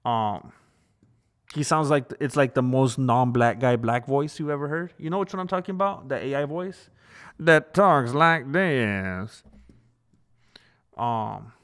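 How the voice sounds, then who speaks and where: Rambling, laughing male live-streamer. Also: mid-range voice. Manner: rambling, laughs often, talks to chat. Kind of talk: casual live-stream chat.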